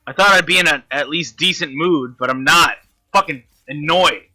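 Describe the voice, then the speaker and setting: A man's voice: fairly high pitch, fairly quick, sharp tone. A man commentating his own gameplay, frustrated and swearing constantly at the enemy he is fighting. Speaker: gamer.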